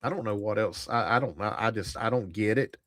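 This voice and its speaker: A man's voice: fairly low pitch, a little fast, a bit bright, no echo, clean studio sound. A man hosting a tabletop gaming channel, giving blunt, profane, rambling commentary to a live chat. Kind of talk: casual livestream commentary.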